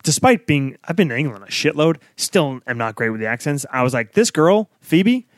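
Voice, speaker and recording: A man's voice: mid-range voice, brisk, dry recording. A man co-hosting a podcast, joking and laughing through loose, profane film talk. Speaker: podcast co-host. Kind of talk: casual film-review chat.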